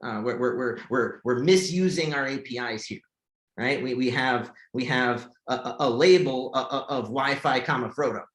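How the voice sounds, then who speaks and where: A man walking through a screen-share tutorial as an accessibility tester, halting and often repeating words as he explains. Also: mid-range voice, fairly bright tone. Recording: echoey room.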